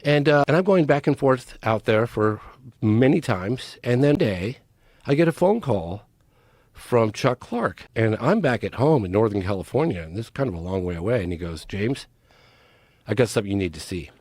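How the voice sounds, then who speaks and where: On a podcast, a male documentary filmmaker works through a long personal story in a casual, emphatic style, often restarting and repeating words. His darkish, expressive voice swings widely in pitch at a normal speed. The recording is dry and close, with no room sound.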